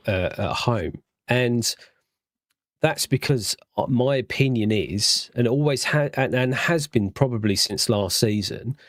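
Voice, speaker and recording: Guy, guest on fan chat, low voice, dry sound, thoughtful, halting. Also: dry recording. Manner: thoughtful, halting with fillers, sighs.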